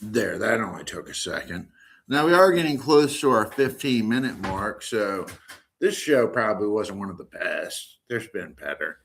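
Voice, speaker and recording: Low-voiced rambling American man streaming. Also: animated, moderate pace, vocal fry, fairly bright tone, a little hiss or hum. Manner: rambling, joking, loose and unfiltered. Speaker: live-stream host. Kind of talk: rambling live-stream monologue.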